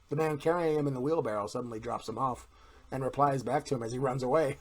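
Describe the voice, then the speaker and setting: A man's voice: medium pitch, fast talker, breathy edge. A man hosting his own vlog in a chatty, blunt and self-deprecating way, telling a joke and then talking straight to his viewers. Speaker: vlogger, channel host. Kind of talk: casual vlog with a told joke.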